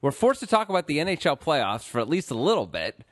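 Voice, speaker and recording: A man's voice: a little high, big pitch swings, fast, no room sound, studio quality. A man hosting a casual sports podcast, playful and rambling. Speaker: podcast host.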